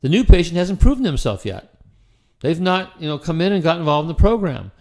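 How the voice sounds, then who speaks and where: A man's voice: on the high side, very animated, brisk, darkish tone. A middle-aged man coaching chiropractors in a casual, conversational style that often repeats words and restarts sentences. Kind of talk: casual instructional talk.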